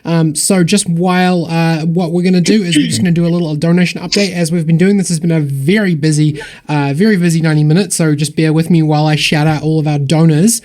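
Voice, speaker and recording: A man with a slightly high voice hosts a charity stream and reads out donors one after another. His delivery is upbeat and rambling, and he keeps thanking people. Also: steady tone, fast talker, few pauses, a little mellow. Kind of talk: casual livestream donation shout-outs.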